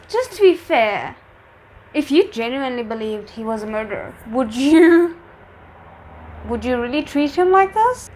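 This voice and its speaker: A woman's voice: a little high, a little hiss or hum. Chatty woman reacting to a drama. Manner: chatty, rambling, laughing asides. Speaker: reaction channel host. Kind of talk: casual drama reaction commentary.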